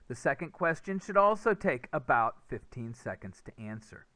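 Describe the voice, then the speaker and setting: A man lectures on speaking-test skills in a bright, forward voice. The sound is dry and close, with no room around it. He explains step by step and taps out speech rhythm in nonsense syllables. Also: fairly high pitch, no echo. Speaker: English test teacher. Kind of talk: recorded lecture over slides.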